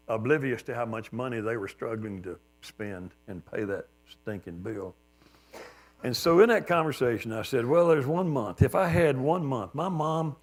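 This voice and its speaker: Older pastor telling folksy stories. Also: male voice, mid-range voice. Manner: folksy storytelling, acts out quotes with shifts in loudness. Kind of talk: sermon with personal stories. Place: church sanctuary.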